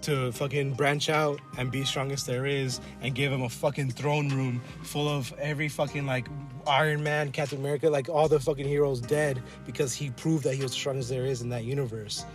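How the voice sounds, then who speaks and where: A man co-hosting a casual podcast, rambling and swearing as he riffs and acts out characters in quick asides. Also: mid-range voice, little pitch movement, over music. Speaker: podcast co-host. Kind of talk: casual chat. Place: collectibles shop.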